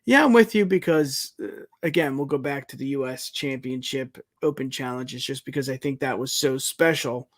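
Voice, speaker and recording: A man's voice: medium pitch, normal speed, hardly any pauses, no room sound, studio quality. A man co-hosting a podcast in casual chat, leaning on fillers like "you know". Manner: conversational, leans on fillers like "you know" and "it's just like". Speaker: podcast co-host.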